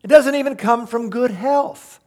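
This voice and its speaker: A man's voice: very high-pitched, unhurried, a little mellow. A man preaching a sermon, emphatic, asking the congregation rhetorical questions and explaining verses. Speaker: pastor.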